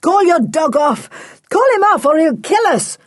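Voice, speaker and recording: A woman's voice: sits low, very animated, a little slow, darkish tone, breathy edge, no room sound, exaggerated voice. A woman voicing an angry middle-aged male smuggler in a storybook reading, giving threatening commands. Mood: panicked. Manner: menacing, commanding.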